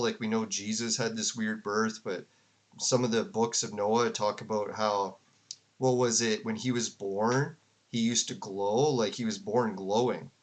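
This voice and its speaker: Rambling casual man commenting. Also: lowish voice. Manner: rambling, filler-heavy, with frequent "like" and laughs. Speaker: commentator reacting to a debate. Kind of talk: casual commentary to a live chat.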